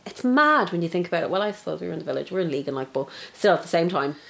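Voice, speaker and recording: A woman's voice: on the low side, expressive, racing, creaky, a bit bright. A woman with an Irish accent, co-hosting a podcast in casual chat, swearing freely and laughing easily. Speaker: podcast co-host.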